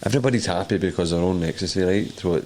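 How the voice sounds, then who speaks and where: A Scottish man co-hosting a podcast, with a fairly low voice. He tells loose, rambling stories between laughs, dropping into playful put-on voices for other people. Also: quick pace, warm tone. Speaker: podcast co-host. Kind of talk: casual chat, storytelling.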